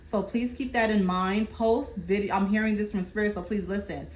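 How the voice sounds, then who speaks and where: A woman's voice: medium pitch, moderate pace, low-quality recording. Woman giving a reassuring tarot reading. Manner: reassuring, keeps checking in with "okay?"; relays messages from spirit in a steady flow. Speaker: tarot reader. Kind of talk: casual tarot reading to camera.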